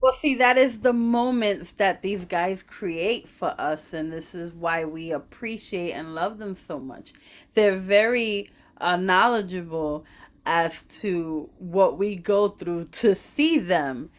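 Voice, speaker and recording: A woman hosting a casual chat, reflecting in a measured way. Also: on the low side.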